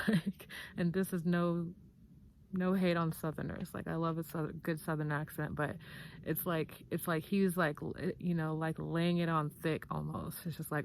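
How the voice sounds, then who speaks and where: A woman's voice: low voice, flat delivery, moderate pace, creaky, a little hiss or hum. A woman talking candidly in a casual commentary vlog, chatty and full of fillers, with the occasional swear. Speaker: vlogger.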